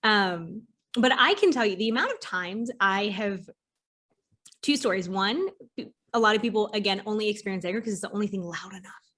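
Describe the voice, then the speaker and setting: A woman hosting a casual interview podcast, a therapist who talks in an animated way, swears casually and acts out her clients' voices. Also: medium pitch, fairly quick.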